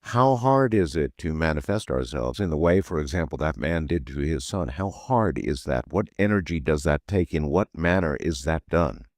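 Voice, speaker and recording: A late-night radio host with a very low voice that still rises and falls a lot. He muses aloud between calls in a reflective way. The studio sound is close and dry. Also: lively intonation, normal speed, few pauses, dry recording. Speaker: radio talk show host.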